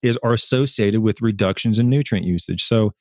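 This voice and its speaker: Male turf scientist guest, low voice, earnest, animated storyteller, dry sound. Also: fairly quick, no echo. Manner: earnest, repeats words and restarts phrases. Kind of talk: casual livestream discussion.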